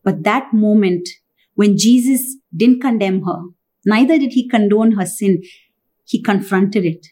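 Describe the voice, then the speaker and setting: A woman's voice: medium pitch, unhurried, dark tone. A woman in her thirties preaching a sermon, earnest and putting direct questions to her listeners.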